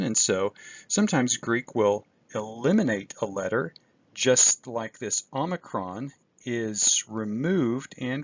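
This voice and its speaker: A man with a gravelly voice walks through a screencast lesson, methodical and patient, pausing with small fillers. The sound is dry and slightly dull, as if from a desktop mic. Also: medium pitch, dry recording. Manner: methodical, explains step by step with fillers. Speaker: Greek instructor. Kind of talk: recorded lecture screencast.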